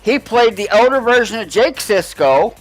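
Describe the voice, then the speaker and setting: Podcast co-host, male, high-pitched, rambling casual talker, faint music underneath. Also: animated, normal speed, low-quality recording. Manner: rambling, restarts often, swears casually. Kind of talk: casual chat.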